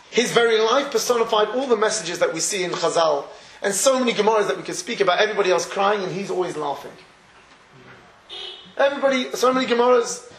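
Guy giving a torah class, kinda high voice, laughs a lot as he tells stories, echoey room. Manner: animated storytelling, laughs often. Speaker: rabbi teaching Torah.

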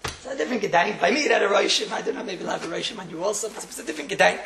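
A man's voice: sits high, animated, very fast, creaky, sharp tone, slight background noise. A man teaching a Torah class, emphatic, repeating key phrases and chuckling as he explains. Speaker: rabbi teaching a morning class. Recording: roomy echo.

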